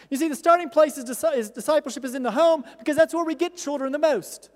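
A middle-aged pastor preaches a sermon in a very high, slightly mellow voice, talking fast with few pauses. He sounds earnest and pleading, his intensity steadily rising. The long reverb of a large hall surrounds him.

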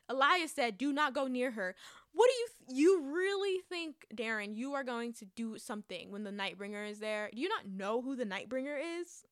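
A woman's voice: a little high, smooth, no echo, clean studio sound. A young woman giving a casual, emotional spoiler review of a book, ranting and swearing with frustration. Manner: emotional, ranting, profane, animated.

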